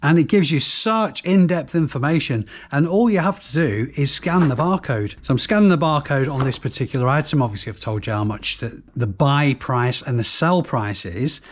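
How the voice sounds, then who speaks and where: A man's voice: mid-range voice, lively intonation, normal speed, few pauses. A man from the North West of England with a Northern English accent, talking casually through his resale finds and rattling off prices in a matter-of-fact way. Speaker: reseller vlogger. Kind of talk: casual product rundown to camera.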